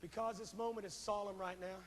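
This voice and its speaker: A man preaching a revival sermon, swinging between impassioned shouting and hushed pleading. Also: high-pitched, fairly even intonation, brisk, in a large hall, a little hiss or hum. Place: large church auditorium.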